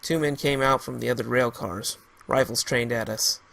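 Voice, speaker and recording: A man narrating an amateur story in a halting way, with restarts. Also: medium pitch, fairly even intonation, gravelly, a bit bright.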